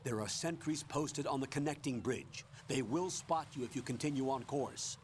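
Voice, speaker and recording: Man as a game radio commander, calm and brisk, middle-pitched, faint hiss behind. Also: natural voice. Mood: instructive.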